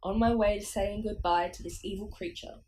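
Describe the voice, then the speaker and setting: A woman's voice: medium pitch, steady tone, normal speed, a little mellow, slight background noise, poor audio. A woman reading a children's horror story aloud in short phrases, as an amateur narrator. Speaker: audiobook reader.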